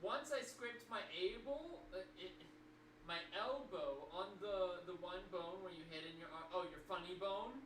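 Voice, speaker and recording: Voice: medium pitch, unhurried. A livestream host chatting to viewers, joking and telling stories, often trailing off and restarting. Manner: talkative, jokey, trailing off and restarting. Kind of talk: casual chat to stream viewers. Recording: distant mic, echoey room, clear noise.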